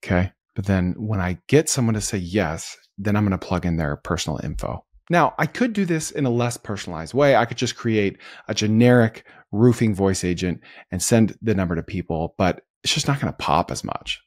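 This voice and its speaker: A man's voice: sits low, lively intonation, normal speed, few pauses, no echo, clean studio sound. A man hosting a screen-recorded tutorial, upbeat and talking through each step as he clicks. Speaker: host.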